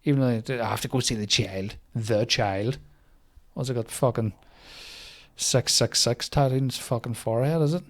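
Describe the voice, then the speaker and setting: A man's voice: medium pitch, moderate pace. Sweary man riffing. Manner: sweary, rambling, mocking. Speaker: comedian podcast host. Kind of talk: casual comedic monologue.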